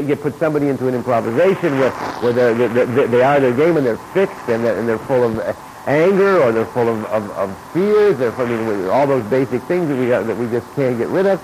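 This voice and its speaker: A man teaching as an acting coach, talking in an informal lecture and acting out replies in sudden high bursts. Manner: animated, acts out his own and students' replies in sudden high bursts. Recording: noisy recording with steady background noise.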